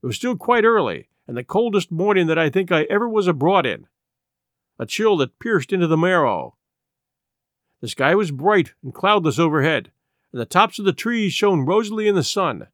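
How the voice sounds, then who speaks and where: A man narrating a classic adventure novel in an expressive storytelling manner. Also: sits high, normal speed, no echo, clean studio sound. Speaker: audiobook narrator.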